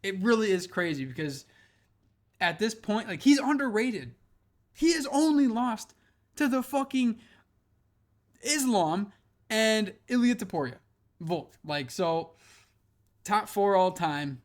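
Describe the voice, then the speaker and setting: Young man, brash, profane, somewhat high voice, loud bursts and quiet asides. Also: lively intonation, slow, pauses often. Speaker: MMA commentator. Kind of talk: casual opinionated chat.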